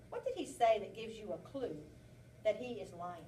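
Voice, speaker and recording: A woman's voice: mid-range voice, expressive, moderate pace, mellow, slight background noise. A woman kindergarten teacher leading an interactive read-aloud, prompting children with frequent questions, recorded by a far camera in a classroom.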